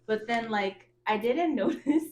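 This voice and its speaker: A young woman, co-hosting a casual podcast chat, excitable and laughing as she quotes people in her stories. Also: on the high side, a little slow, slight background noise. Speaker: podcast co-host.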